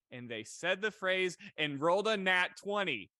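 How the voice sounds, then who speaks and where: A man's voice: high voice, animated, normal speed, bright, forceful tone, no room sound. A man, a dungeon master, recounting a campaign story in a casual chat.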